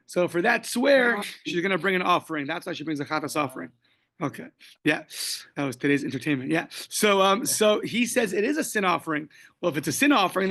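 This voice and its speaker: Gravelly high-voiced rabbi teaching Talmud. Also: male voice, a bit bright. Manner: explains step by step, quoting Aramaic and Hebrew phrases; casual, joking asides. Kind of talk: daily Talmud class.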